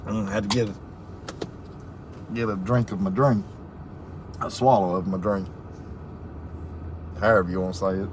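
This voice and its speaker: A man's voice: fairly low pitch, fairly even intonation, moderate pace, pauses often, noisy background. A man hosting a casual live stream, reading viewer comments aloud and laughing often in a folksy way. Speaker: livestream host reading viewer chat.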